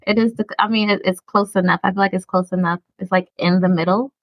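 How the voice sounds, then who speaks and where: A woman's voice: medium pitch, fairly even intonation, quick pace, no echo, rough recording. A woman from Brooklyn, New York, co-hosting a podcast and telling candid personal stories in a casual, filler-laden way. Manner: candid, storytelling with frequent fillers. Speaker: podcast co-host. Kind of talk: casual conversation on mental health.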